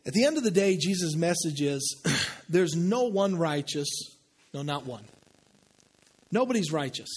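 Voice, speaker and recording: A man preaching a sermon in a conversational way, asking the congregation questions and dropping low and slow to make a point. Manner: drops low and slow for emphasis. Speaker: pastor.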